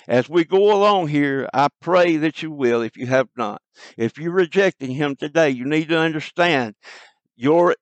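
A male preacher delivering a broadcast sermon in a slightly high voice. He reads old scripture verses slowly, leaning on each key word. The recording is dry and close. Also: no echo. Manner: slows to stress scripture quotes; King James scripture reading with plain commentary.

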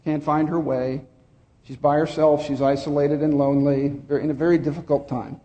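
A man's voice: fairly high pitch, warm tone, in a large hall. A male pastor preaching a sermon and then leading a prayer. He speaks earnestly and repeats key phrases for emphasis.

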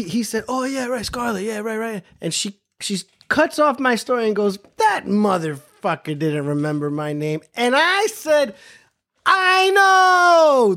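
A man hosting a podcast, telling a casual, profane story and repeating phrases for emphasis. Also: high-pitched. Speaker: podcast host.

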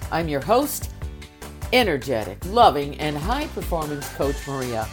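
Upbeat low-voiced woman motivational host. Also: sing-song, measured pace, soft background music. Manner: upbeat, emphatic, direct address to listeners. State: recovering from a raspy voice. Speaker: podcast host and high-performance coach. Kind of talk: motivational podcast monologue.

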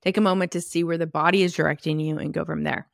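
Woman podcast host, lowish voice, casual and emphatic, self-correcting, close dry mic. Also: steady tone, fast, creaky, no room sound. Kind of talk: solo podcast talk.

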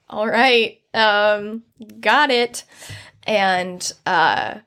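A woman's voice: medium pitch, very slow, pauses often, a bit bright. A young woman hosting a podcast, candidly telling a personal story in a rambling way, with many fillers and laughter through hard moments. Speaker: podcast host.

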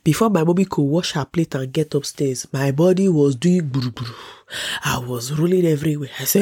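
A young woman with a Nigerian accent recounts a story to camera, dramatic and full of laughs. Her voice sits a little low and has a husky, breathy edge, and she sounds congested from a cold. She jumps up in pitch whenever she quotes someone. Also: a little fast, darkish tone, dry recording, studio quality. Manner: dramatic, acts out quotes in a raised voice, laughs often. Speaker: vlogger. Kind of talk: animated storytelling.

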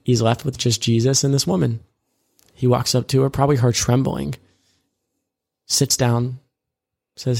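A man with a gravelly, creaky edge in a mid-range voice, talking through faith in a loose, conversational way. He rambles, corrects himself, and retells scripture scenes in plain everyday words. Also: mid-range voice, little pitch movement, measured pace, pauses often, a little mellow. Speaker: co-host of a discipleship podcast. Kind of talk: casual faith discussion.

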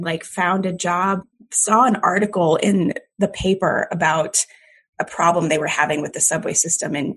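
A woman comedian born in Jamaica and raised in Maryland, guesting on a podcast. Her voice is low and a little husky, and she tells her stories in a playful, quick-witted way. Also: a bit bright. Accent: none, American. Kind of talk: casual interview.

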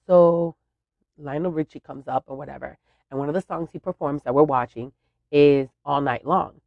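A woman hosting a podcast who tells a family story in a chatty, animated way. Her voice has a gravelly fry to it. The sound is dry and close. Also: low voice, moderate pace, no echo, dull audio. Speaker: podcast host. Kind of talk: casual storytelling.

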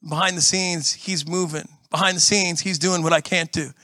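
Middle-aged male pastor, bright and high, animated storytelling sermon, dry close mic. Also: moderate pace, hardly any pauses, dry recording. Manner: animated, exclamatory, acts out everyday scenes. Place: church building with a congregation.

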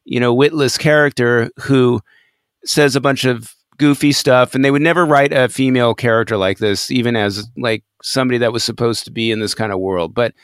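A man co-hosting a podcast, chatting casually and retelling scenes with animated energy and frequent laughter. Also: mid-range voice, fairly quick, clear, resonant tone, no room sound, studio quality. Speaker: podcast co-host. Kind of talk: casual chat.

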